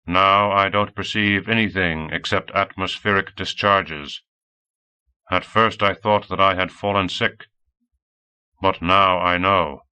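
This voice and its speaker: A deep, droning android robot from an older world, as a male narrator puts it on. He answers in a flat, literal monotone, and his tone stays crisp and bright. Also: slow, exaggerated voice.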